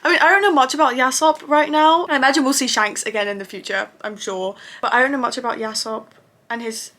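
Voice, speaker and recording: A woman casually reviewing anime episodes for her channel, gushing and excitable and swearing freely. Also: a little high, a little fast.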